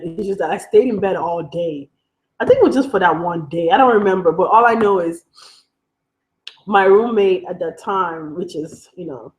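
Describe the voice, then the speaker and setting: In a lowish voice with a darkish tone, a young adult woman from Africa vlogs about a personal experience, candid and conversational, wandering and catching herself as she goes. The recording quality is rough.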